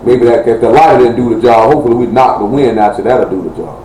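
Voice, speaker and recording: Slangy preacher in an echoey room. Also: male voice, mid-range voice, quick pace, mellow. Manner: loose, joking street talk, Southern American. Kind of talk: informal live-streamed sermon. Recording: echoey room with faint ambient noise.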